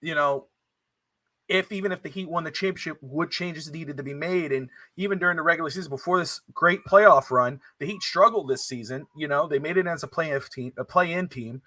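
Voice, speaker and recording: Bright high-voiced male sports host. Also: brisk, dry recording. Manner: animated, chatty, emphatic. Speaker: podcast host. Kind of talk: casual sports talk show.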